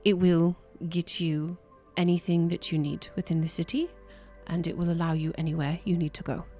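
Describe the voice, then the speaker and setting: A woman voicing a composed noble woman ruler who gives orders in a measured, sometimes hushed way, with faint music behind. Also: lowish voice, little pitch movement, natural voice. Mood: earnest.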